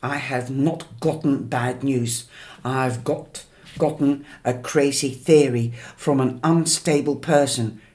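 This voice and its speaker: A sharp-tongued, defiant teenage girl from a storybook, fierce and shrill in her retorts, as a male reader takes her part. Her lines come out slow and deliberate, each snap measured out. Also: steady tone, close to an everyday voice. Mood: snappish.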